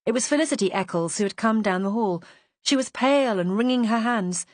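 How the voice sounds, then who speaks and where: A woman's voice: on the high side, animated, brisk, no room sound. Woman narrating a mystery, dry and close. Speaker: audiobook narrator. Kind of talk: first-person mystery narration.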